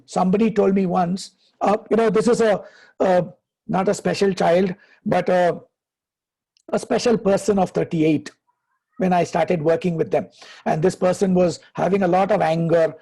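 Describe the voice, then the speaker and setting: Gravelly high-voiced man coaching. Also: warm tone. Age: 50s. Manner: deliberate, slows for emphasis. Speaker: happiness coach. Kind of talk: conversational advice, storytelling.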